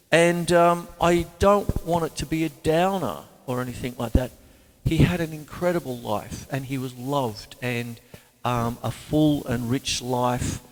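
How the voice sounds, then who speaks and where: Chatty Australian man in a reverberant room. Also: medium pitch. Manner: rambling and chatty, mimics guitar twangs with his voice. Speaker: drummer and show host. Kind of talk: casual chat about music, reading a biography aloud. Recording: room with long reverb tail.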